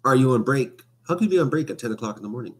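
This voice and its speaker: A man's voice: mid-range voice, animated, racing. A man chatting casually on a home live stream, rambling and hesitant with many fillers. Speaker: vlogger. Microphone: webcam.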